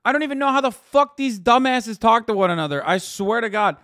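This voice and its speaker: A man streaming, reacting to videos in casual, profane, animated chat. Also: extremely high pitch, brisk, dry recording, studio quality.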